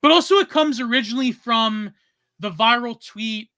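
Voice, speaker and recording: High-voiced man rambling on tangents. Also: sharp tone, dry recording. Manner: rambling, quick tangents, laughs often. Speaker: podcast guest. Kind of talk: casual chat.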